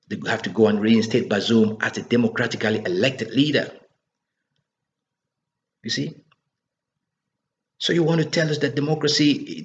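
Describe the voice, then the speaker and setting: A man delivering an impassioned political monologue, scolding and asking rhetorical questions again and again. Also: mid-range voice. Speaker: political commentator. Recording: dull lo-fi recording.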